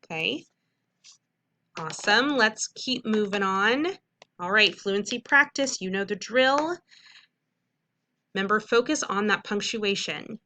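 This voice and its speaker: Woman teacher, bright and clear, patient instructive delivery for a recorded phonics lesson. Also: mid-range voice, animated, a little hiss or hum. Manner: clear, patient, instructive, stretches sounds out slowly.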